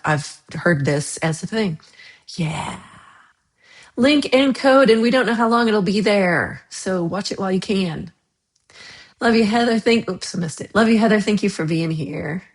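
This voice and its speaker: A woman hosting a casual livestream, chatting and reacting to viewer comments in a rambling way with frequent laughs. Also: mid-range voice. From United States. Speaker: livestream host.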